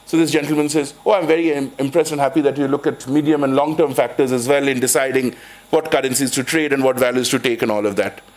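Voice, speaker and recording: This finance professor's voice is mid-range, steady and darkish, and he talks fast. Lecturing in a hall with an Indian English accent, he wanders, keeps restarting with "kind of," and spins humorous stories.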